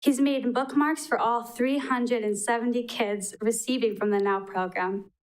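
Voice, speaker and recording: A woman's voice: a little high, steady tone, normal speed, rough recording. Earnest young woman reading a tribute. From Wisconsin. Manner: earnest, a little emotional. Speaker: public commenter. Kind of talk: prepared tribute speech. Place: council chamber. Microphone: podium microphone.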